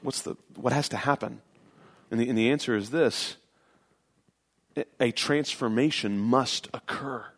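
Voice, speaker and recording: A man preaching a sermon as pastor, earnest and emphatic, often repeating phrases for stress. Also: mid-range voice.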